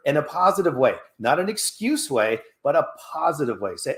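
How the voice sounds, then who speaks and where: Animated fitness coach in an echoey room. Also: male voice, fairly quick, few pauses. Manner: animated, coaching, acts out little exchanges in a higher voice. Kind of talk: motivational casual talk.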